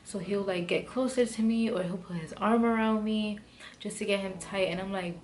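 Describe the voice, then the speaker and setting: A woman's voice: medium pitch, fairly even intonation, moderate pace, slight background noise. A young woman telling a storytime vlog in a heated, profane, rambling way, full of "like" and restarts. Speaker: vlogger. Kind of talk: casual storytime monologue. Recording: music playing behind her voice.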